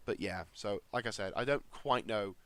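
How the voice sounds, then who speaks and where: A man's voice: on the low side, normal speed, a bit bright, clear, resonant tone, dry recording. A man casually commentating a strategy game, thinking aloud with lots of fillers and restarts. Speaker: gaming video creator.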